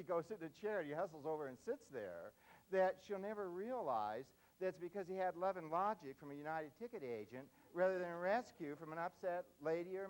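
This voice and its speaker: Older male speaker, folksy storyteller, lively up-and-down delivery, somewhat high voice. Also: poor audio. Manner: folksy, tags points with "see?". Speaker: parenting speaker. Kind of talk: humorous lecture storytelling.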